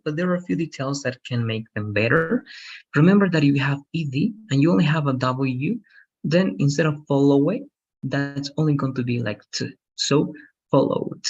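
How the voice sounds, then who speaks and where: A man teaching an English lesson, encouraging and patient, slowing down to model how words are stressed. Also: a little high, animated. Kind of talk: online language lesson. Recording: dull lo-fi sound.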